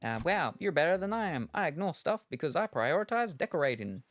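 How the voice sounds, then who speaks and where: A woman's voice: sits low, sing-song, a little fast, soft background music. A woman streaming a cozy video game, chatting in a wry, rambling way as she plays. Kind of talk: casual gameplay chat.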